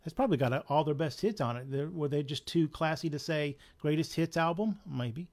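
A man's voice: on the high side, brisk, a little mellow. A man with a Southern accent running a live comic shop sale, chatty and joking as he prices items. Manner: chatty, chuckling, jokey asides. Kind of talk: casual live sale patter.

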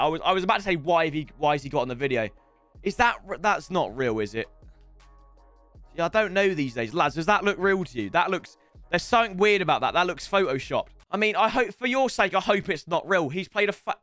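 A young man, chatting casually as he rates viewers' football game teams, swearing and breaking into loud yells. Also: high voice, no room sound. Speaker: FIFA YouTuber rating viewer teams. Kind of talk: casual gaming commentary.

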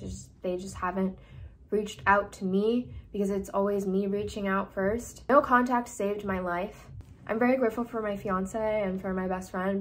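A young woman in her twenties speaking earnestly in a personal vlog, sharing a hard story and sometimes close to tears. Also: mid-range voice. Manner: earnest, emotional, tearful at times. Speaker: vlogger. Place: indoors, seated.

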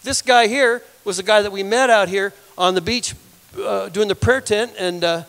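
A man with a high, gravelly voice preaches in a storytelling way. He rambles and repeats words, and gets lively as he talks. His voice carries a long reverb from a church hall. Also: normal speed. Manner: rambling, repeats words, laughs and grows animated. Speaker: guest speaker. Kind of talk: storytelling sermon.

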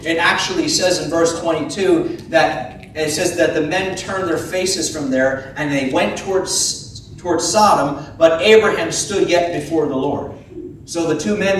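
A man preaching a sermon as pastor, animated, acting out the voices of biblical figures. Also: fairly high pitch, a little hiss or hum. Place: church sanctuary. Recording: echoey church from a distant mic.

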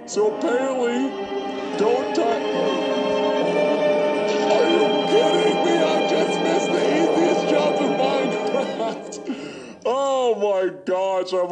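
A man giving excitable, playful gameplay commentary, often yelling in surprise. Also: high voice, creaky. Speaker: gaming video creator. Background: background music.

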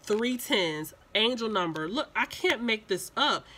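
Bright-voiced emphatic woman tarot reader. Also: a little high, animated, measured pace. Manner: emphatic, repeats herself, chatty and insistent. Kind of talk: casual tarot reading to viewers.

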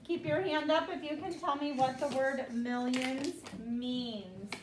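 Her high voice keeps a measured pace, with a little hiss or hum in the recording. She is an elementary school teacher in a classroom with children, patiently drilling vocabulary words through call-and-response and repeating each one often, heard far off in an echoey room.

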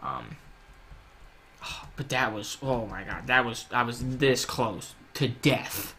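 A young man giving casual, rambling gameplay commentary at home, swearing freely and yelling in panic when things go wrong. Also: mid-range voice, lively intonation, slow pace, a little hiss or hum. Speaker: gaming YouTuber.

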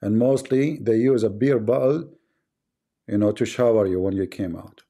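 A sarcastic host with an Arabic accent, his voice gravelly and rough with a husky edge. The tone is dark and mellow as he taunts and mocks his callers on a live stream. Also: on the low side, moderate pace. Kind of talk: mocking live-stream banter.

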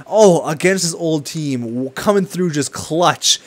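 A young man giving casual, excitable commentary over a video game, swinging between hype and frustrated swearing. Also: a little high, a little slow. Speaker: gaming commentator.

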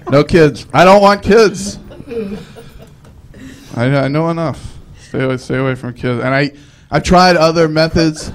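A young man doing a live stand-up set, telling rambling self-deprecating stories with frequent restarts. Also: a little high. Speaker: stand-up comedian.

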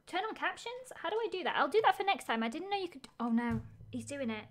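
A quick-paced woman streams a game live, calling her moves with eager energy in a high, bright voice. She never stops thinking aloud, responding to each development as it unfolds.

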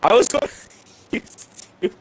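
A man's voice: takes it slowly, poor audio. A young man bossing a friend around while they play a game together, swearing and exasperated. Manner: profane, bossy and exasperated. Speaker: gamer. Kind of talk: casual co-op gaming chat.

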